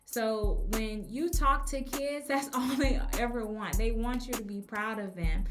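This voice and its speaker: A woman speaks as a teacher hosting a casual advice podcast. Her voice sits a little high, and she talks in a chatty way with frequent ums. She slows down to stress key words. The room has a noticeable echo. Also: music in the background. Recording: echoey room.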